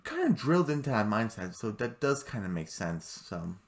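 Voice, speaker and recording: A man casually recapping a cartoon episode, rambling and excitable, with many fillers and restarts, jumping high when he quotes characters. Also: normal speed. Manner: jumps into high voices when quoting characters. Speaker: show recap commentator.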